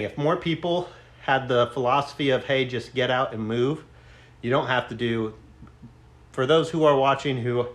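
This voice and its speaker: A man's voice: mid-range voice, fairly bright tone. A man live-streaming from a gym, a bit out of breath from lifting. He talks loosely and jokes with viewers, reading their comments aloud. The sound comes from a camera mic. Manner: chatty, joking, reads out chat. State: out of breath between sets. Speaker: fitness streamer. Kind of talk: casual live-stream chat during a workout.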